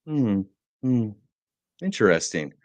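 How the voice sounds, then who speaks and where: A middle-aged man co-hosting a morning show, telling rambling, joking stories in a relaxed chat. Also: on the low side, slow pace, no echo. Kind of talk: casual chat.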